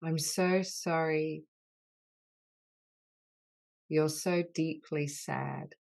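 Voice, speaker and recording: A woman leading a guided healing session on an online group call, speaking in slow, soothing, repeated phrases. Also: deep voice, fairly even intonation, darkish tone.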